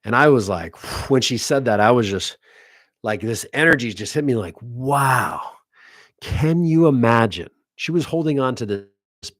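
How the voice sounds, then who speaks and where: Man, hypnotist, casual storytelling to camera, earnest, animated, fairly low voice, dry close sound. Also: dry recording. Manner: animated, earnest, acts out quotes. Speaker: hypnotist and coach.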